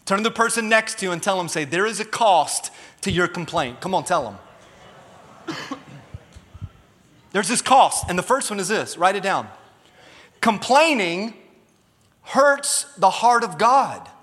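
A man's voice: high-pitched, lively intonation, unhurried, pauses often, fairly bright tone. A man preaching a sermon as pastor, emphatic and calling on the congregation to respond. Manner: emphatic, calls for audience response. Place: church auditorium. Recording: long reverb of a large hall.

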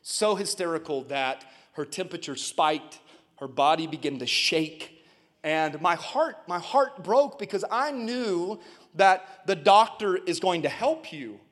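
Male pastor, high voice, preaching a sermon with rising passion, calls out to the church. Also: animated, measured pace, fairly bright tone. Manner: preaching with rising intensity, calling out to the congregation; storytelling, tender and emotional.

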